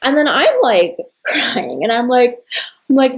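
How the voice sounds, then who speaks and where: A woman's voice: a little high, normal speed, long pauses. A young woman telling a personal story in a casual, rambling way, full of "like" and emotional retellings of a conversation. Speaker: spiritual content creator.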